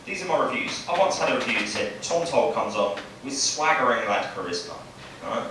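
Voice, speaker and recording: Here's a male comic from Bexley, southeast London, doing a chatty stand-up set in a small club, with a mid-range, sing-song voice at a fairly quick clip. He keeps tacking "right?" onto his lines, while far-off, roomy audio picks up background noise and the crowd laughing.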